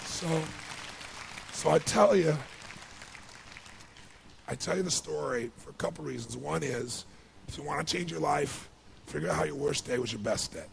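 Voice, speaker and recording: Gravelly man telling an emotional story. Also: on the high side, normal speed, pauses often, some chatter behind, slight background noise. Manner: emotional, rising to excited passion. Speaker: motivational speaker. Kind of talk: motivational storytelling speech.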